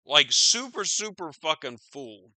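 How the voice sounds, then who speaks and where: Profane, slow-talking male podcast host. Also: fairly high pitch, big pitch swings, bright, forceful tone, no room sound. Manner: profane, rambling, incredulous. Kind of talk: casual news commentary.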